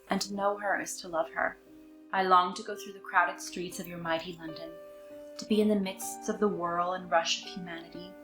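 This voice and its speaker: A woman's voice: on the low side, a bit bright, natural voice. A woman voicing a courtly old male vampire count, reading a novel aloud with formal, stately phrasing, in an echoey room. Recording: echoey room, faint music.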